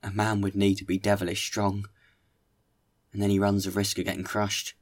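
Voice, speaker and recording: A man's voice: lowish voice, monotone, normal speed. A man voicing a peasant who answers in a blunt, matter-of-fact way. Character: plain male peasant, blunt and resigned.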